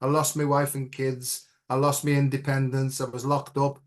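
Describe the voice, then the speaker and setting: A man's voice: medium pitch, flat delivery, normal speed. A middle-aged man as an interview guest, telling a personal story in an earnest, reflective way and often checking in with "right?".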